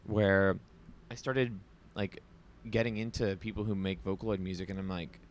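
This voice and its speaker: A man's voice: lowish voice, fairly even intonation, moderate pace, slight background noise. A man being interviewed backstage in a festival trailer, talking in a chatty, casual way with lots of "like" and frequent restarts.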